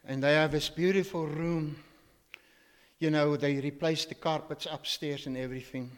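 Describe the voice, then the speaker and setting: An older male pastor delivers an emphatic sermon in a fairly high voice, pressing his listeners with rhetorical questions. His words ring out in a church hall with a long, lingering reverb. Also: steady tone, normal speed. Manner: emphatic, asks rhetorical questions, quotes scripture.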